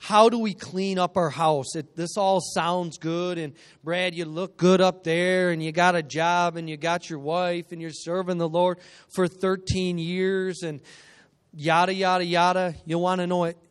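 Fired-up high-voiced man preaching. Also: unhurried, clear, resonant tone. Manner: energetic, joking, call-and-response. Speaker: guest preacher. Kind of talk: sermon. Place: church.

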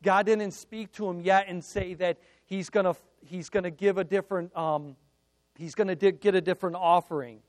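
A man preaching a sermon, retelling a scripture story in an earnest way and moving between emphatic lines and hushed, personal ones. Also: sits high, fairly even intonation, moderate pace, no room sound.

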